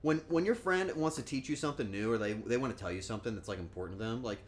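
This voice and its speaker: A man's voice: mid-range voice, very fast, slight background noise. A man chatting casually on a cooking stream, joking and rambling, and acting out quotes in goofy voices.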